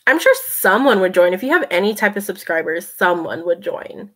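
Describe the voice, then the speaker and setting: A woman's voice: lowish voice, animated, normal speed, a bit bright. Chatty woman hosting a late-night live. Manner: chatty, laughs often, talks to her cat. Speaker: livestream host. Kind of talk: casual chat reading live comments.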